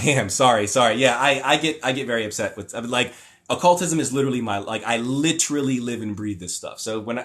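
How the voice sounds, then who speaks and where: Reading his viewers' comments out loud, this young adult livestream host rambles through opinionated reactions with lots of fillers and restarts, slipping into mocking voices whenever he paraphrases someone. He has a medium-pitched, fairly bright voice.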